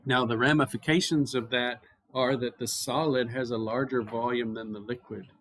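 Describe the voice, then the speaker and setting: A man's voice: medium pitch, normal speed, slight background noise. An American man lecturing on chemistry at a university, explaining casually and telling stories with plenty of fillers. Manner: relaxed, anecdotal explaining with filler words. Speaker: chemistry professor.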